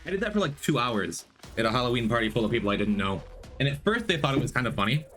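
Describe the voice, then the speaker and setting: A man streaming a game, chatting casually with viewers and jumping into excited high greetings. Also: fast talker, soft background music. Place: home room.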